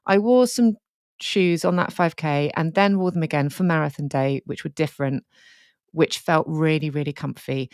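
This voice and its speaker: A woman's voice: low voice, normal speed, a little mellow, no echo, studio quality. A woman co-hosting a podcast, telling a candid, sweary, emotional story in casual chat. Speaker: podcast co-host.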